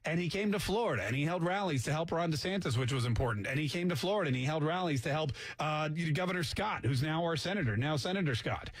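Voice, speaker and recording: Husky, high-voiced talk radio host. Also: male voice, expressive, fast, few pauses, no room sound. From Canada. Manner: sarcastic, mocks accents with jokey asides. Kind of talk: casual talk radio monologue. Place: radio studio.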